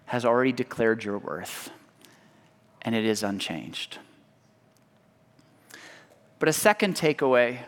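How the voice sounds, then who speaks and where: Slow-preaching man in a reverberant hall. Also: mid-range voice, fairly bright tone. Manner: slow, emphatic preaching with dropping phrase ends. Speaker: pastor. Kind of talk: sermon.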